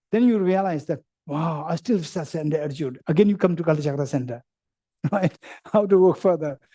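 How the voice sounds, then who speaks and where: A man with a warm, high-sitting voice gives a Buddhist teaching to a retreat group. He playfully tells stories, acts out everyday dialogue, repeats points and checks that his listeners follow.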